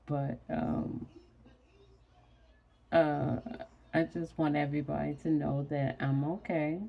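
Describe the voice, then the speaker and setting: Sleepy, slow, low-voiced woman. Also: level tone, creaky, lo-fi sound. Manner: slow, rambling, sleepy and yawning. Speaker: vlogger. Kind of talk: casual chat to camera.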